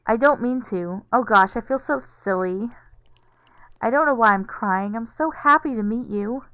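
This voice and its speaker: A weepy, halting game villager who keeps apologizing for the tears, pitched a little high, as a woman reads the lines aloud. The voice is smooth and dry. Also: bright, forceful tone, no room sound. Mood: tearful. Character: tearful villager overwhelmed with joy.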